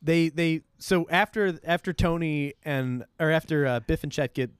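A man's voice: on the high side, normal speed, clear, resonant tone, no echo. A man co-hosting a casual comedy podcast, joking around and acting out silly quotes. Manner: jokey, acts out silly quotes, laughs often. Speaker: podcast co-host.

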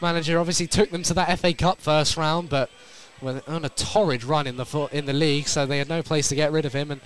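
This North East England commentator calls a football match live from outside, rattling through the play and getting higher and louder when something big happens. His intonation stays fairly even.

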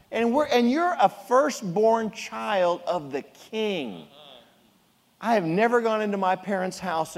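A middle-aged man preaching a sermon as a pastor, animated and jokey as he tells the story. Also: high-pitched, takes it slowly. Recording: long reverb of a large hall.

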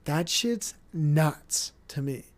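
A man's voice: fairly high pitch, expressive, extremely slow. A young adult man hosting a casual solo podcast, rambling and swearing, often mocking other people in put-on voices. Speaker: podcast host.

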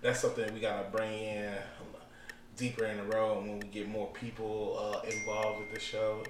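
A man's voice: fairly low pitch, moderate pace, reverberant, recorded from a distance, noisy background. A man co-hosting a casual podcast chat, telling stories with lots of feeling and acting out scenes. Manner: animated storyteller, acts out movie scenes. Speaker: podcast co-host.

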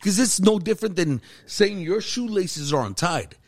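An army sergeant tells a rowdy, profane story in casual chat. His voice sits a little high for a man, and he throws himself into the quotes he acts out. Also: animated, moderate pace, a little mellow.

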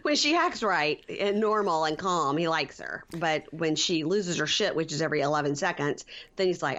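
A woman co-hosting a casual recap podcast, retelling scenes and acting out quotes in animated voices. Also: normal speed, hardly any pauses, dull audio. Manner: animated storyteller, acts out quotes with jumps in pitch. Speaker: podcast co-host.

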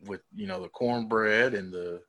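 A man with a lower voice and a Southern US accent co-hosts a podcast. He is from South Carolina and talks in a relaxed, halting way, restarting often. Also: crowd noise. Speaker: podcast co-host. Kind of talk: casual podcast chat.

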